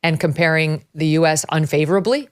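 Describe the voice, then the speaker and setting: A middle-aged woman from upstate New York hosting a talk show, animated and emphatic, laughing as she talks. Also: low voice, fairly quick, clear, resonant tone. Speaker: host. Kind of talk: casual conversational commentary.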